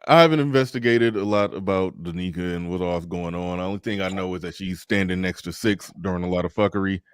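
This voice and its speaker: Low-voiced guy hosting a stream, reading super chats, dry close sound. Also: fast, clear, resonant tone, no echo. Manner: relaxed, reads out super chats. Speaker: livestream host. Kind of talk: casual livestream chat.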